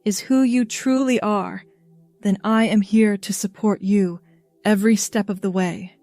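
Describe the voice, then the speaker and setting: A tender, loving mother speaks in a soft, soothing voice that is gentle yet firm, as a woman reading the story puts her on. She talks slowly and evenly, in a dry, close sound. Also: mid-range voice, steady tone, dry recording, faint music behind, lightly acted.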